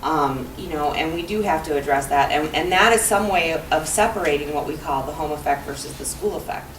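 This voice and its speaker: A woman speaking on an education roundtable panel, conversational and measured. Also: low voice. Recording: distant roomy mic with background noise.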